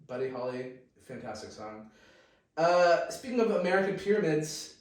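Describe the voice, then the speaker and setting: A man's voice: on the high side, big pitch swings, normal speed. A man hosting a casual podcast, rambling and joking crudely with his sister. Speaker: podcast host. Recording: very echoey room, mic at a distance.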